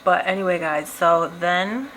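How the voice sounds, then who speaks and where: A woman's voice: on the low side, unhurried, a little hiss or hum, rough recording. A young woman chatting casually while doing her makeup, telling a story with lots of giggles and quoted voices. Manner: chatty, giggly, animated retelling. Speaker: beauty vlogger.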